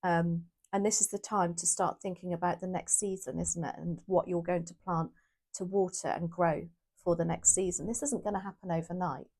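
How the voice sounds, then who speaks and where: A woman with a lowish, gravelly voice chats her way through a tarot reading. She is casual and a little rambling, thinking aloud and correcting herself as she goes. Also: fairly even intonation, moderate pace, darkish tone. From United Kingdom. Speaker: tarot reader.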